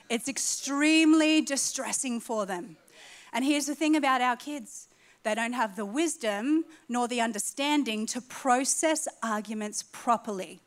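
A middle-aged woman with an Australian accent delivers a sermon. Her voice sits high and she preaches emphatically, pushing her key points upward with animated energy. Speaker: pastor.

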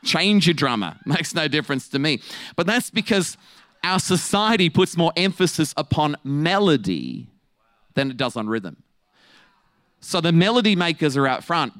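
A man preaching a sermon to his church, mixing jokes and quick asides with his message. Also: medium pitch, dry recording. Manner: humorous, animated, quick asides with laughs.

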